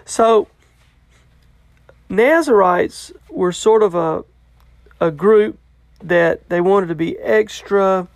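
Gravelly, casual Bible study teacher. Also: mid-range voice, takes it slowly, pauses often, no room sound. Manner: loose and conversational, checks in with "okay?"; paraphrases a commentator and passages in plain words.

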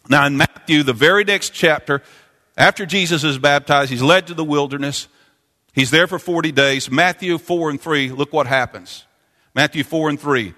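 A male pastor delivering a sermon in a church sanctuary, his voice bright and forceful. He repeats key phrases and swells to fervent peaks. The room carries a long, ringing reverb. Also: a little high, normal speed.

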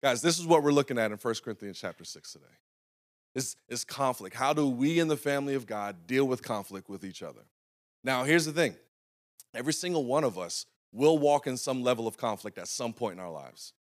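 A man's voice: mid-range voice, expressive, brisk. A young adult man, a pastor, preaching in a conversational storytelling style and often checking in with the congregation. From North Carolina. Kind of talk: sermon storytelling.

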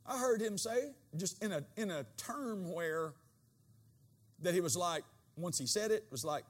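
A man with a high voice for a man preaches a sermon. His delivery swings from quiet, low asides to loud, ringing bursts. He acts out quoted dialogue in changed voices. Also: fairly quick. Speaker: pastor.

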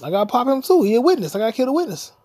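A man's voice: extremely high pitch, sing-song, rapid-fire, mellow, no echo. A man hosting a podcast, rambling through a comedic monologue and breaking into improvised scat singing. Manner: freewheeling, jumps between talk and scatted singing. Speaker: podcast host.

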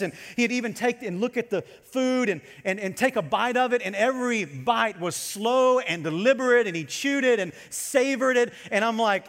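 A man preaching a sermon to his congregation as pastor, animated and storytelling as he goes. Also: very high-pitched, moderate pace, few pauses, in a large hall.

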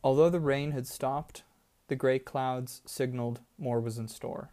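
A man narrating a first-person story in a calm, measured storytelling manner. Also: mid-range voice. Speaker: audiobook narrator.

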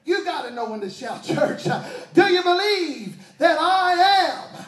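This male preacher has a high voice that rings through an echoey church hall. He works the congregation with call and response and shouted bursts. His sermon keeps climbing in force. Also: animated, measured pace. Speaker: pastor.

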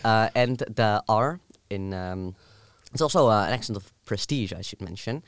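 Soft-spoken young Dutch man, clear, low-pitched. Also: normal speed, no echo. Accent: southern Dutch. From southern Netherlands. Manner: explains at length with many ums and restarts. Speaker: student. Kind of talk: casual chat.

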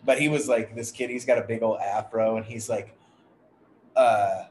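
A man's voice: lowish voice, steady tone, moderate pace, a little mellow. A man on a podcast telling a long, profane, frustrated story in casual chat. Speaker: podcast co-host. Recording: echoey room with faint background noise.

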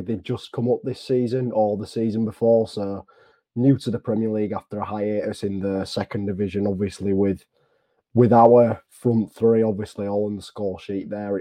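A man sits in as a guest on a casual sports podcast, his voice low and very dark. He is losing his voice and clears his throat now and then as he thinks back. The recording sounds dry and close. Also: no echo. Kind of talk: casual football podcast chat.

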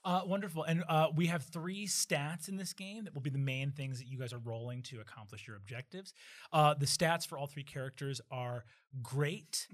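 A man's voice: a little high, fairly even intonation, normal speed. A man explaining rules as game master, enthusiastic, with frequent fillers.

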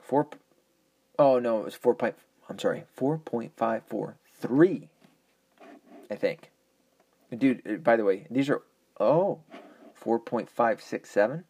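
A man's voice: medium pitch, a little slow, gravelly, long pauses, mellow, slightly rough. A man ranting in a casual monologue, profane, rambling and argumentative, often correcting himself.

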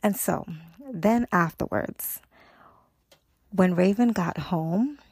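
A woman's voice: lowish voice, slow, vocal fry, darkish tone, husky, no room sound. A woman podcast host casually retelling a TV episode, rambling with lots of "and so" and "you know".

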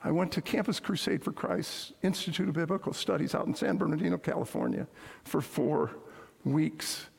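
A man's voice: on the high side, normal speed, vocal fry, a little mellow, husky. A man preaching a sermon as pastor, telling stories and repeating his key points. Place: church sanctuary. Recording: echoey hall with long reverb.

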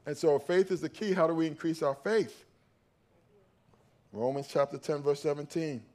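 A male pastor preaching a sermon, calling out to his congregation and swinging from loud emphatic peaks to low quiet stretches. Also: normal speed. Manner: calls out to the congregation for response.

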